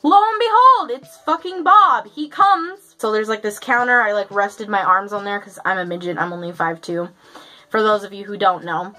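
A woman's voice: mid-range voice, moderate pace, sharp tone, faint music behind, rough recording. A young woman chatting through a story for her vlog, casual and profane, full of fillers. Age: young adult. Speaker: vlogger.

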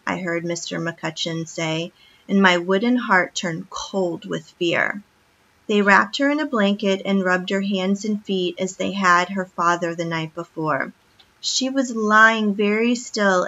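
Bright-voiced woman reading a story aloud. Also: medium pitch. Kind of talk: reading a children's book aloud. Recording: dull lo-fi recording.

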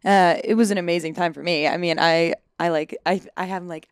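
A woman's voice: mid-range voice, fairly quick, clean tone, dry recording, studio quality. A woman guest on a podcast, chatting casually about acting in a film and often acting out what she and others said. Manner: chatty, self-interrupting, acts out quotes. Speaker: actor guest.

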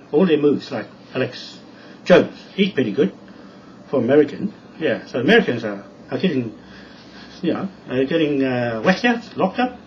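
A man from New Zealand rambling in a home video, repeating emphatic warnings. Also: on the high side. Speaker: video blogger. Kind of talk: rambling address to camera. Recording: distant, dull lo-fi sound with faint background noise.

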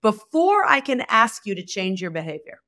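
A woman guest in a podcast conversation, speaking expressively and acting out bits of dialogue. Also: normal speed. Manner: expressive, acts out dialogue with shifting pitch. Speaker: guest, communication expert.

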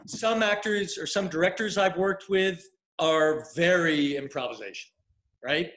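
A middle-aged man, a casting director and coach, answers questions in a candid livestream chat. His voice sits a little high for a man, and he leans hard on key words while circling back through fillers and restarts. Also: a little slow, fairly bright tone. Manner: emphatic, conversational, with filler and restarts.

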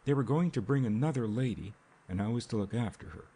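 A man's voice: medium pitch, lively intonation, quick pace, dark tone, slightly rough. A man voicing a frightened, timid young wife who speaks in a faltering way.

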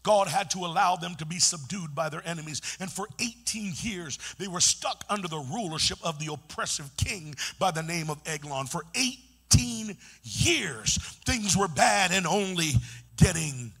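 A man preaching a sermon in call-and-response style, chanting and building to shouts. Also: sits high, lively intonation, measured pace, vocal fry, slightly rough.

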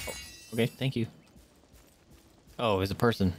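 A man giving casual, excitable commentary while playing a game on stream, swearing and talking to himself. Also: medium pitch, measured pace, pauses often, slight background noise.

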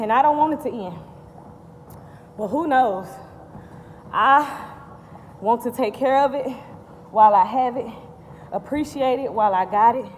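A woman's voice: fairly high pitch, a little mellow, in a large hall, a little hiss or hum. A woman vlogging while she walks on a treadmill at the gym, talking upbeat and thankful about moving her body and self-care. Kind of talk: casual vlog while working out.

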